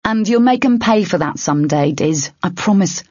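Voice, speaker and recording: A woman's voice: on the low side, animated, normal speed, darkish tone, no echo, dull audio. A woman reading an urgent, protective young man leader in a fantasy storybook.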